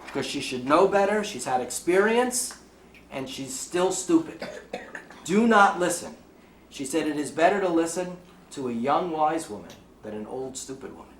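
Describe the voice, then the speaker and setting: A man's voice: mid-range voice, fairly bright tone. Middle-aged bronx guy giving a jokey talk, echoey room, kinda distant mic. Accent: New York (Bronx). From the Bronx, New York. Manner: chatty, jokey storyteller with audience asides. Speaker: lecturer. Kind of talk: talk to a live audience. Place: lecture room. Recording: roomy sound, from far off, faint background noise.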